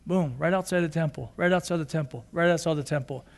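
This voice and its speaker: A man's voice: a little high, fast. A man preaching a sermon as pastor in a conversational way, acting out quotes and repeating lines for emphasis. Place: church sanctuary. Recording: long church reverb.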